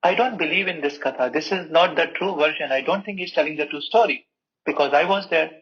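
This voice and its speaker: A man's voice: on the high side, brisk, a bit bright, lightly acted. A man voicing a humble male monkey god who is puzzled and protesting, in a muffled recording. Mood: doubting.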